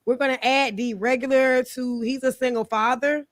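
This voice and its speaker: A woman's voice: high-pitched, fairly even intonation, normal speed, no echo, studio quality. A woman hosting a casual panel podcast, talking bluntly and rambling, swearing freely. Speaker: podcast host.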